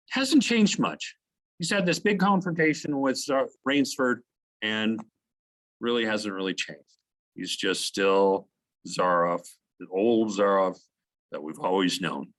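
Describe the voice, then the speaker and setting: A man giving a recorded literature lesson in a conversational teaching manner, asking questions and filling pauses with "okay" and "um". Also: medium pitch, fairly bright tone, poor audio.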